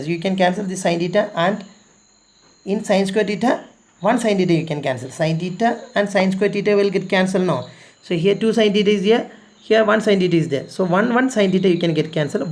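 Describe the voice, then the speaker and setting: Gravelly-voiced man teaching a math lesson. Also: high-pitched, a little mellow. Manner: patient, repetitive step-by-step explaining, pleading emphasis. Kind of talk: recorded trigonometry lesson.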